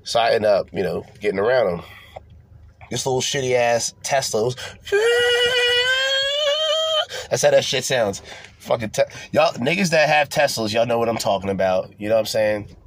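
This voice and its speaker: This man hosts a podcast and rants in a casual, curse-heavy way, restarting constantly and repeating himself as he rambles with animation. His mid-range voice moves at a normal speed.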